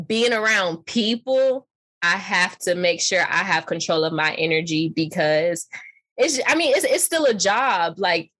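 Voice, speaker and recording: A young woman, an actress and model coach, talking casually as an interview guest, animated and laughing often. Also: lowish voice. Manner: animated, laughs often, puts on voices when quoting.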